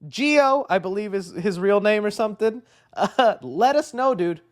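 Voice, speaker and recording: A young man hosting a live stream, rambling and excitable, saying "dude" often and laughing a lot. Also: high voice, a little slow. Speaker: livestream host. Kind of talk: casual live-stream chat.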